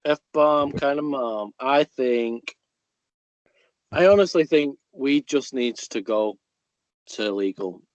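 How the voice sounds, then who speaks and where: A man's voice: mid-range voice, animated, takes it slowly, long pauses, darkish tone, no room sound, dull audio. A blunt, opinionated man in casual podcast chat. His voice sits close and dry with no room sound. He swears freely and says what he thinks. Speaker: podcast co-host.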